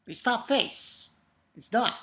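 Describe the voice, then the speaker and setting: Reviewing a manga chapter out loud, a woman gets excited, curses liberally, and keeps starting her sentences over in a casual way. She talks slowly, with a voice on the high side.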